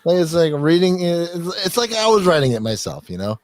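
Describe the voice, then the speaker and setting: Animated, joking male podcast host. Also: fairly high pitch, a little fast. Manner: rambling, joking, swears and laughs often. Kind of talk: casual chat, reading contributor bios aloud.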